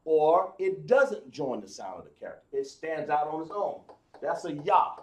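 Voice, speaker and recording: A man teaching a live class, explaining slowly, with many fillers and restarts. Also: fairly high pitch, sing-song, a little mellow, roomy sound, slight background noise. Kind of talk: live online class lesson.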